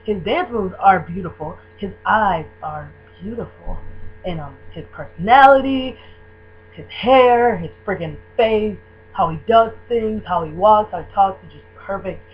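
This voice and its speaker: A young woman from Michigan gushing about a band she loves in a casual video, with lots of "um" and "like" and excited rambling. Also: mid-range voice, moderate pace, breathy edge. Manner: gushing, excitable, filler-heavy fan talk. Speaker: vlogger. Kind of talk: casual fan tag video. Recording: dull lo-fi webcam audio with faint hum.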